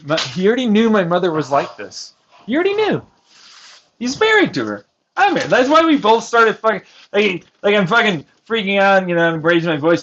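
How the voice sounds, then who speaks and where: A young man venting in a rambling personal vlog, agitated and swearing as he acts out arguments. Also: high-pitched. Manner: agitated, swearing, mimics others in heated back-and-forth. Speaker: vlogger. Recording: dull lo-fi audio with clear background noise.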